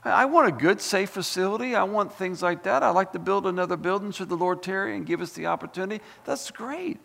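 A man preaching a sermon as pastor, fired up and animated, full of folksy asides and repeated words. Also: sits high, fairly quick, gravelly, big-room sound. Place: church sanctuary.

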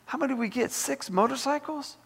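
A man preaching a sermon as pastor, fired up and animated, full of folksy asides and repeated words. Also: very high-pitched, brisk, creaky, breathy edge, long reverb tail. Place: church sanctuary.

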